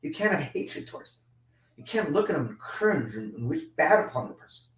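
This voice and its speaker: A man's voice: on the high side, very animated, brisk, fairly bright tone, roomy sound, distant mic, low-quality recording. A man giving an impassioned religious lesson, emphatic and repetitive.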